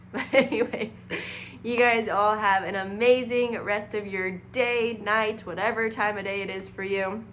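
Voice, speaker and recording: A young woman talks straight to her viewers in a bubbly, chatty vlog voice. Her pitch sits in the ordinary middle range, and she fills her sentences with "like" and "um". A faint hum runs under the recording. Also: steady tone, unhurried, fairly bright tone. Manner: bubbly and chatty, with many fillers like "like" and "um". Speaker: vlogger. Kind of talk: casual chat to camera.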